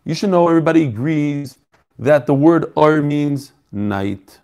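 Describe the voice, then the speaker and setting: A man's voice: a little high, animated, unhurried, darkish tone. A man teaching a Talmud lesson, asking questions and answering them, repeating his phrases as he explains. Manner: mixes Yiddish-flavored terms into English. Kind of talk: daf shiur, teaching aloud.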